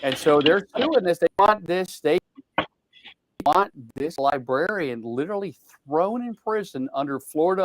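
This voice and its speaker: A man's voice: fairly high pitch, dry recording. An older man in casual political chat, blunt and profane, rambling with many restarts. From outside the South. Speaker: co-host.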